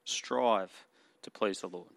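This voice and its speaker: A man's voice: low-pitched, slow, gravelly, dry recording. Australian man preaching a sermon, dry sound. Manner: earnest, uses rhetorical questions and fillers.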